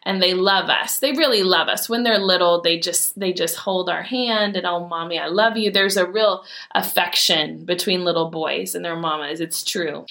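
Bright-voiced earnest mother telling stories. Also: lowish voice, moderate pace, gravelly. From Michigan, USA. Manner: earnest, heartfelt, animated retelling with quoted dialogue. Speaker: mother sharing a personal story. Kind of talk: personal storytelling talk.

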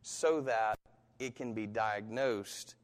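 A pastor preaching a sermon and telling a personal story with animation, acting out the voices of people in it. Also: male voice, on the low side, slow. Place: church. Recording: reverberant hall.

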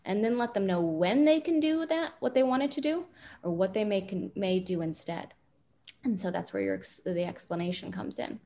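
A woman parenting expert calmly explaining advice in an interview, with many fillers. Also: fairly low pitch, gravelly, a little hiss or hum. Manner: calm, deliberate, frequent fillers.

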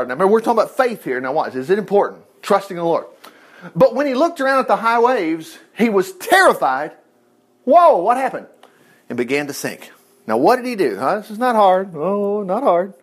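A folksy male preacher giving a relaxed sermon in a lively voice that swoops up and down. He talks in a conversational way, slightly high for a man, and acts out voices as he goes. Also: fairly quick. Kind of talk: informal sermon on Bible passages.

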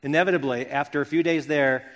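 A middle-aged pastor from Wisconsin delivers a sermon in an earnest, reflective way, often circling back to restart a phrase. His voice sits a little high for a man. A long reverb hangs around him, as if he is in a large hall. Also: steady tone, fast, a bit bright.

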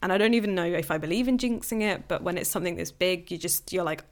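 A young woman talks through her personal news on her own podcast in a loose, candid monologue. Her voice sits a little low for a woman, and she breaks into small laughs as she goes. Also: fast talker. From England. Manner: candid and chatty, laughing often. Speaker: podcast host.

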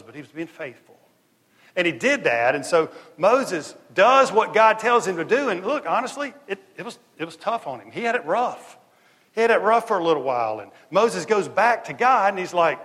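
A man's voice: on the high side, fairly bright tone. A man preaching a sermon, telling the story in casual slang and acting out the dialogue. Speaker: pastor. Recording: long hall reverb.

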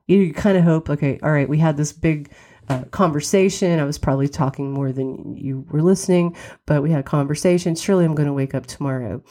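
A middle-aged woman with a low, mellow voice hosts her podcast alone. She tells a personal story candidly and reflectively. A lingering cold sometimes catches her voice. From West Virginia. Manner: candid, reflective, wry laughs. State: has a cold, occasional cough. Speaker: podcast host.

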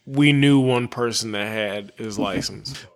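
A man from Chicago co-hosting a podcast, telling a long story in a rambling, profane way and clearing his throat often. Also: fairly low pitch, a little slow. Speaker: podcast co-host. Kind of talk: casual storytelling chat.

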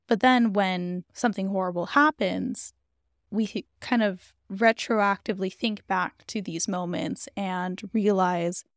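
A woman's voice: mid-range voice, steady tone, a little slow, no room sound, clean studio sound. A woman hosting a book discussion, talking in a thoughtful, earnest way. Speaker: book reviewer host. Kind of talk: reading aloud and discussing a book.

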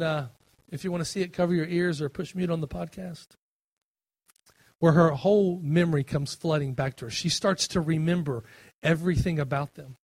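A man's voice: on the high side, darkish tone, no room sound. A middle-aged man preaching a sermon as a pastor, impassioned, rising on scripture quotes, with fillers and restarts.

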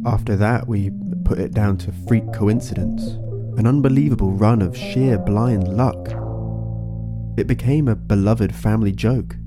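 Male narrator, low voice, deadpan, wry first-person story, guitar music behind. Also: a little slow.

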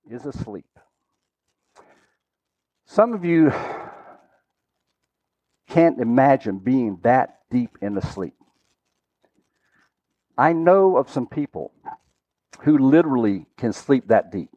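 A man preaching a sermon, telling a story dramatically and swinging from loud, urgent lines to hushed, quiet ones. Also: mid-range voice, sing-song, slow pace, pauses often, dry recording, highs cut off.

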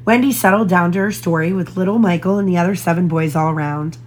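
A woman narrating a children's storybook in a gentle, expressive way. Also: on the low side, fast talker, slight background noise. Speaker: storybook reader.

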